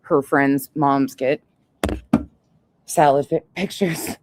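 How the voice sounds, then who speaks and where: Low-voiced woman ranting sarcastically. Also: fairly even intonation, takes it slowly, background noise. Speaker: drama commentary YouTuber. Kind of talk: casual commentary.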